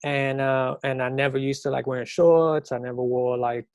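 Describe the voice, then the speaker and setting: A middle-aged man from New York, a podcast guest in casual chat, telling animated, slangy stories. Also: normal speed, dry recording. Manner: animated storyteller, slangy, mimics people in high voices.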